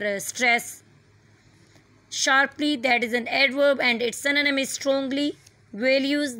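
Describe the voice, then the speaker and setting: A woman teacher giving an online English lesson, reading a passage aloud slowly and explaining word meanings with occasional fillers. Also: sits high, pushed and bright, dry recording. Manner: slow, deliberate reading with fillers.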